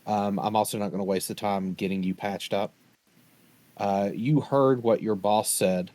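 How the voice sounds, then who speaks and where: A man's voice: lowish voice, steady tone, moderate pace, mellow, no echo. A man playing a tabletop role-playing game, speaking formally and hesitantly with lots of ums. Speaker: player.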